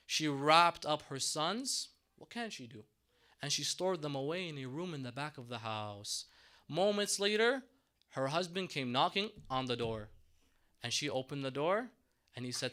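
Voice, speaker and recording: A man's voice: medium pitch, lively intonation, unhurried, sharp tone. A man preaching a sermon in a mosque, telling a story dramatically and acting out the characters' voices.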